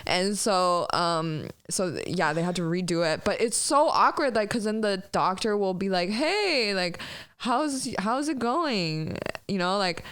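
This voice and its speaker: A woman's voice: fairly low pitch, moderate pace, hardly any pauses, a bit bright, clean tone, no room sound. A woman chatting casually as a podcast guest, rambling and frank with frequent giggles. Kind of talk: casual chat.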